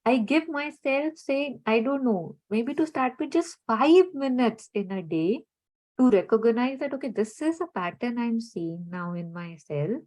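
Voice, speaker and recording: A woman speaking in a reflective, conversational way, gently searching for her words and often saying "you know" as she explains. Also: a little high, expressive, unhurried, rough recording.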